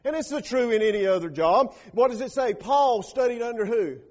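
High-voiced preaching man. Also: lively intonation, a little fast, darkish tone. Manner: preaching with rising emphatic bursts and quoted lines. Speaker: pastor. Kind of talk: sermon.

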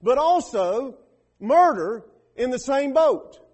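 A pastor delivering a sermon with emphatic, rising bursts of preaching. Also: male voice, very high voice, animated, slow pace, a little mellow.

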